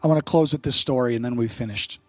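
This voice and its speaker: A man's voice: medium pitch, fast talker, dry recording, faint music behind. A man preaching a sermon as pastor, stressing short repeated phrases.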